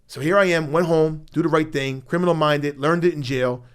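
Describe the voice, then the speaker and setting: A man from South Philadelphia, in his fifties, with a strong Philadelphia accent, sits in a podcast studio and tells his story as the guest. His voice sits fairly high for a man. He talks blunt and profane street talk and keeps slipping into the voices of people from his past. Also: fairly even intonation, fairly quick, clear, resonant tone. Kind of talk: storytelling interview.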